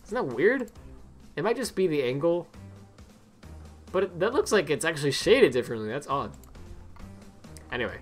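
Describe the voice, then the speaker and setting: A man's voice: on the high side, big pitch swings, soft background music. A young man chatting casually on a game stream to his viewers, rambling with many laughs. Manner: rambling, lots of fillers and restarts, quick laughs. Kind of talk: casual live-stream chat.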